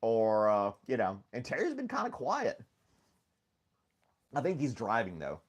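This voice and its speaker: A man, talking at a middling pitch as he hosts a relaxed morning live stream from home. He rambles through loose chat, laughs easily and calls out viewers by name. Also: unhurried. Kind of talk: casual chat with live chat readers.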